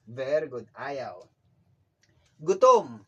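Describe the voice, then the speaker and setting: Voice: medium pitch, very animated, takes it slowly, muffled recording, slight background noise. An adult drilling a child on vocabulary at home, patiently repeating words for the child to echo. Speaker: parent teaching a child.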